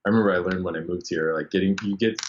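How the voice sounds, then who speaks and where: A man, a bass player, telling stories as a podcast guest, animated and full of fillers, acting out the people he quotes. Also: rapid-fire, slight background noise. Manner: animated, acts out quoted voices, many fillers. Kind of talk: casual storytelling interview. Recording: dull lo-fi sound.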